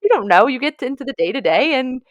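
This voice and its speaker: A woman's voice: sits high, expressive, fast talker, dry recording, dull audio. A young woman co-hosting a podcast, reflecting in long, run-on thoughts during a casual chat. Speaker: podcast co-host.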